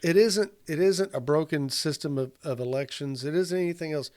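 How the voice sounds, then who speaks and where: A man's voice: on the high side, fairly quick, darkish tone. A man in a casual podcast discussion, talking at length with long examples, frequent "you know"s and casual swearing. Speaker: podcast co-host.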